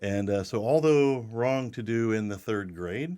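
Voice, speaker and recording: Folksy host in his 60s, lowish voice, joking chat. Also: unhurried, warm tone, clean tone. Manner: folksy, joking, restarts often. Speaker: podcast host. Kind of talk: casual podcast chat.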